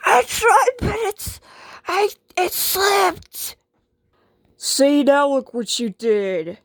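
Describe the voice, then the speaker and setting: A woman's voice: high-pitched, takes it slowly, dry recording. Woman playing a sick, whimpering girl. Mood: tearful. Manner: whimpering and apologetic. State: crying, hoarse. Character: sick whiny girl who lost her voice. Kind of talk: homemade skit role-play.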